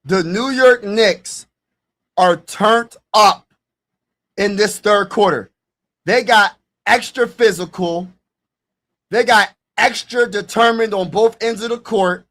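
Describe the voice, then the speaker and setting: A man with a high voice calls a basketball game play by play on a live stream. He talks loose and slangy, urging his viewers along and breaking into excited shouts when a big play lands. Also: takes it slowly, pauses often. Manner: casual slangy talk. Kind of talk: live play-by-play commentary with reactions.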